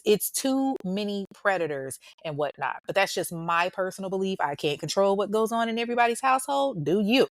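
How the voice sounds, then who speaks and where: A woman's voice: on the low side, dry recording. A woman with children telling a true crime story in a casual, blunt and profane way, full of sarcasm. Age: adult parent.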